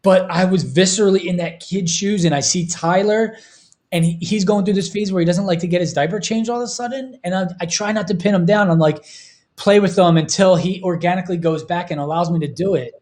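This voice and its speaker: A man's voice: high-pitched, fairly quick, a little mellow. A man in his thirties talking earnestly and emotionally on a casual podcast. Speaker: podcast host.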